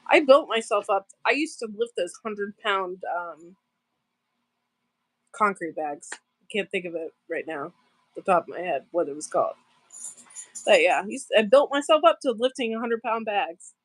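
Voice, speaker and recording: A woman's voice: mid-range voice, no echo. A woman hosting a casual live stream from her farm channel, rambling, laughing often and answering viewers in the chat. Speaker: farm channel livestream host.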